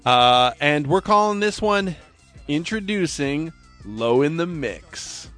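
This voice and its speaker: A man's voice: on the high side, takes it slowly, soft background music. A man hosting a casual podcast, joking and swearing with his co-host. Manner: animated, joking, profane. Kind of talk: casual chat.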